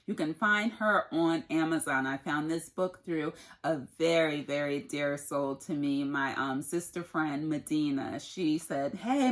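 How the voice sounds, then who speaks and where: A woman's voice: deep voice, fairly bright tone. A woman, a mother, talking through her favorite things in an earnest, casual faith and lifestyle vlog. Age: adult, mother of a son. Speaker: lifestyle vlogger.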